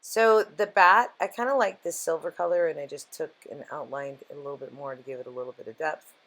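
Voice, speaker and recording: A woman's voice: sits low, steady tone, brisk, a bit bright. A woman hosting a casual crafting vlog, chatty and upbeat, calling her crafts cute. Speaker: craft channel host.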